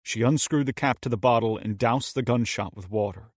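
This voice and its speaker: A man narrating an audiobook in a steady, measured way on a close mic. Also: medium pitch, no echo. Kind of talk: scripted narration.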